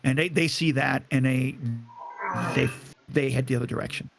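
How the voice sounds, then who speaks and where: A man's voice: medium pitch, fairly even intonation, moderate pace, creaky, music in the background. A man running a tabletop game as game master, narrating in a rambling way with many fillers.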